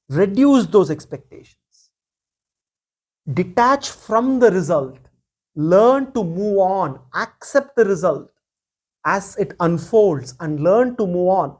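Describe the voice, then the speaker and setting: A man giving a spiritual discourse as a teacher, speaking deliberately, repeating key phrases and reciting verses. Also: high voice, lively intonation, a little mellow.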